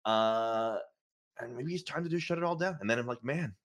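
A man in his thirties co-hosting a casual podcast chat. He talks fast at a middling pitch, rambling through self-mocking asides and breaking into quick laughs. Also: a bit bright. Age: 30s. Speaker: podcast co-host.

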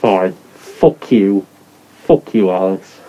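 A man's voice: mid-range voice, lively intonation, normal speed, natural voice, rough recording. A man playing a grumpy sweary woman traveller. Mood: grumbling. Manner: grumbling, sweary.

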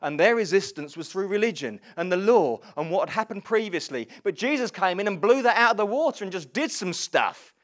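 Lively preacher, fairly high voice, quizzes the congregation. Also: male voice, a little fast, hardly any pauses. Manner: animated, asks the congregation questions. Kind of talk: sermon.

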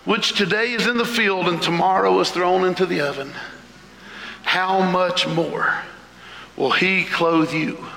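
Fervent high-voiced preacher man in echoey hall. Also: measured pace, vocal fry. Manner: fervent preaching with shouted lists and sudden pitch leaps. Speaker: pastor. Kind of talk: sermon. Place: church sanctuary.

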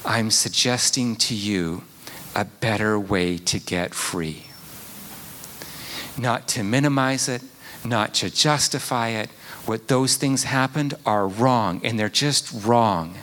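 Slow, earnest male preacher, bright tone. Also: on the low side. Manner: earnest, drops to hushed whispers at times. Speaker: pastor. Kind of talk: sermon.

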